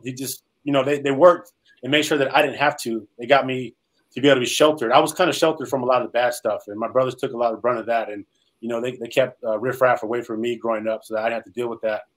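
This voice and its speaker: On a low-quality recording, a medium-pitched man, once a professional football player and hailing from Salinas, California, US, shares his life story in an interview. He comes across as sincere but meandering, filling pauses with frequent "um"s.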